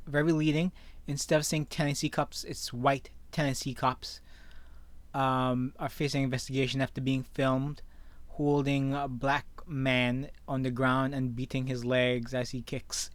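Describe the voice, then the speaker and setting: A man's voice: medium pitch, a bit bright, no room sound. A man commentating on news stories he reads aloud, opinionated and often tagging his sentences with "okay?". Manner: opinionated, with frequent "okay?" tags. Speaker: online commentator. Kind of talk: reading and reacting to news stories.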